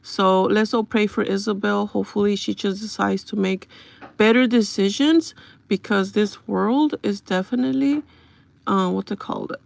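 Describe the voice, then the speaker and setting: A woman's voice: mid-range voice, steady tone, moderate pace, vocal fry. A young woman livestreaming from home on her phone, chatting casually and confidingly with viewers and bluntly brushing off trolls.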